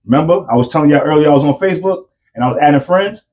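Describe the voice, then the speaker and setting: Animated New man telling a story. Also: a little high, rapid-fire, dull audio, a little hiss or hum. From New York. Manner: animated, addresses listeners as y'all. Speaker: podcast guest. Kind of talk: casual storytelling.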